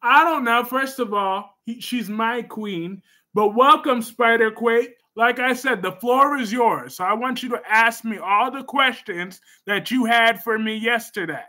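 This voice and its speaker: A sassy male livestream host with a high, bright voice. He talks slowly and emphatically as he reads out viewer comments and answers them, breaking into sudden loud bursts. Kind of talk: casual livestream chat.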